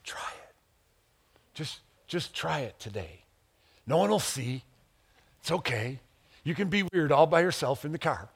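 A male pastor from the Chicago area preaching a sermon, animated and playful, acting out quotes and chuckling at his own asides. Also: a little slow, long pauses, husky. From Chicago area, USA. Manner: animated, acts out quotes with big pitch jumps.

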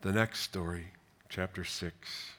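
Speaking in a low voice and taking his time, a preacher reads from scripture and comments on what he reads. His delivery moves from tender and hushed whispers to spirited, forceful questioning.

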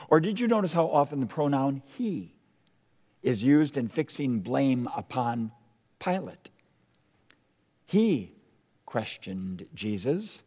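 A man preaching a sermon as pastor, in an emphatic, deliberate style with dramatic pauses. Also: mid-range voice, very animated, a little mellow. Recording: long hall reverb.

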